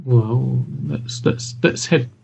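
A man's voice: mid-range voice, slow pace, gravelly, mellow, a little hiss or hum. A man playing a tabletop game, speaking in character in a flustered, questioning way. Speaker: player. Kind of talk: in-character role-play. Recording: dull lo-fi sound.

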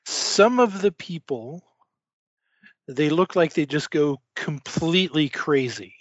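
Slow, halting game master man. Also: fairly high pitch, animated, no echo, highs cut off. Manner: halting, filler-heavy narration. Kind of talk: narrating a tabletop horror game.

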